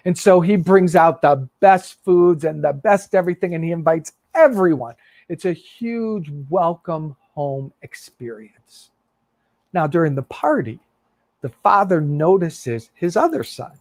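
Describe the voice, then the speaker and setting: An earnest male minister gives a sermon in an expressive storytelling voice, somewhat high for a man. The sound is dry and close, with little room echo.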